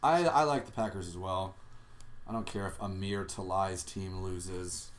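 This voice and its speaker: A man co-hosting a casual sports podcast, excitable, swearing and laughing often as he makes football picks. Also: low voice, measured pace, a loud crowd. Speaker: podcast co-host.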